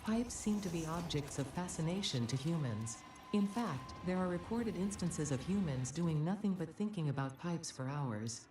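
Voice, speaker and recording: A woman voicing a calm, deadpan female AI assistant in a video game, speaking in a flat, precise way. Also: low voice, normal speed, few pauses. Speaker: in-game ship AI announcer. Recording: game audio from far, roomy and noisy.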